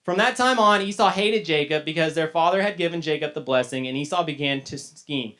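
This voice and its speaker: A man's voice: a little high, fairly quick, few pauses, sharp tone. A man teaching a casual Bible lesson to young people, retelling the story loosely with chatty asides. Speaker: youth teacher.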